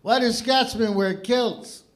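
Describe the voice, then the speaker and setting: Older man, Canadian accent, comedy host, high voice, profane, loud punchlines, club stage. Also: slow, poor audio. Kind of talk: stand-up comedy hosting.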